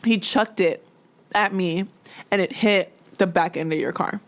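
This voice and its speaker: A woman's voice: on the low side, measured pace. A young woman co-hosting a podcast in casual chat. She swears freely and acts out the lines of the people in her stories. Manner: animated storytelling, swearing, acting out quotes. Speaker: podcast co-host.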